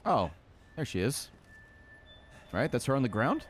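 Here the same sort of gaming streamer sounds very animated yet unhurried, with his mid-range voice set against a noisy background of horror game music and effects. His commentary is profane and jumpy, punctuated by startled yelps.

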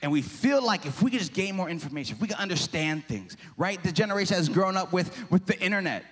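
Preaching in a church sanctuary, this pastor in his forties has a high, husky voice and speaks fast and animatedly. His sermon is chatty and self-deprecating, full of rhetorical questions, and it carries the long reverb of a church hall.

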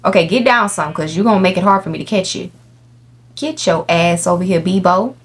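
A woman's voice: lowish voice, brisk, breathy edge. A young woman giving casual, profane let's-play commentary, talking to the game animals and her viewers. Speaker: gaming YouTuber. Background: faint game music.

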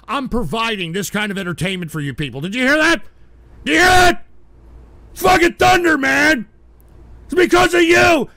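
A high-voiced, gravelly man hosting a livestream, recorded dry and close. He rants at his viewers in exasperation and breaks into shouts. His voice sounds bright and edgy. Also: no echo. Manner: exasperated, scolding, bursts into shouting. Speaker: livestream talk show host.

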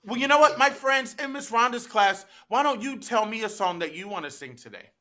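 A woman's voice: on the high side, lively intonation, fairly quick, bright, forceful tone. A woman leading an interactive children's storytime in a library, in a sing-song call-and-response manner that coaxes the children to join in. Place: public library storytime room.

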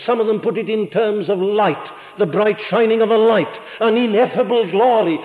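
An older man with a Welsh accent preaching a sermon, earnest and fervent, rising in emphasis and dropping low for quiet lines. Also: moderate pace. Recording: tinny archival church sermon recording with long hall reverb.

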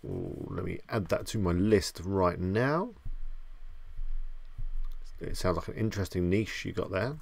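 Gravelly-voiced man hosting a stream. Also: sits low, lively intonation, a little slow, long pauses, a little hiss or hum. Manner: chatty, greets viewers by name, self-deprecating. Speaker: live stream host. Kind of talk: casual live stream chat.

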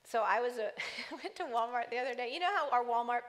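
A woman pastor preaching a sermon in a church, lively, with joking asides to the congregation. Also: a little high, fast. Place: church sanctuary. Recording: church hall reverb.

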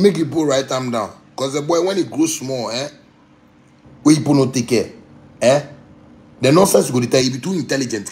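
Ghanaian man, mid-pitched voice, livestream rant, animated and loud-then-quiet. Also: a little hiss or hum. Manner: animated, ranting in pidgin, swings from low mutters to loud outbursts. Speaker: musician on a livestream.

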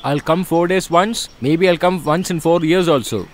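A man's voice: on the high side, moderate pace, slight background noise, lightly acted, rough recording. A man voicing a brash, boastful young man in a film dub. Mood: dismissive. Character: brash young man, dismissive husband and crude friend.

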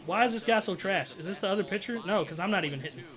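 A man giving casual, slangy commentary over his own gameplay, excitable and trash-talking, with loud outbursts. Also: high-pitched, racing. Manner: slangy, keeps saying bro and dog. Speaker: gaming YouTuber.

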